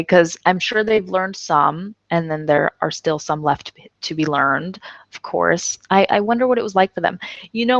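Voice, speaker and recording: A woman teaching an English class in a casual, chatty way, laughing often and reading example sentences out slowly. She is tired and her jaw is numb. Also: fairly low pitch, no room sound, dull audio. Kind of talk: casual online English lesson.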